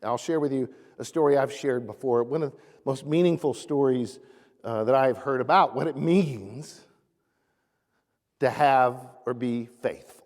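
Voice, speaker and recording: A man preaching a sermon as pastor in a church sanctuary, earnest, rising animatedly and dropping soft. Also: medium pitch, unhurried. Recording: echoey church hall.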